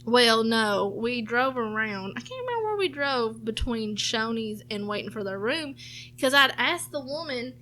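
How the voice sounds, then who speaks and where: Kobieta po trzydziestce z południowym akcentem USA, gawędząca w podcaście, barwnie i z przekleństwami odgrywająca kwestie bliskich. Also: female voice, on the high side, moderate pace, a little hiss or hum. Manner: animated, swears freely, acts out family members' lines. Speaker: podcast co-host. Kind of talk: casual storytelling chat.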